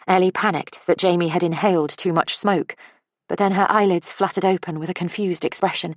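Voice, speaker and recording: A woman reading an audiobook in a calm, measured storytelling manner. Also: fairly low pitch, no echo. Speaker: audiobook narrator. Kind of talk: scripted narration.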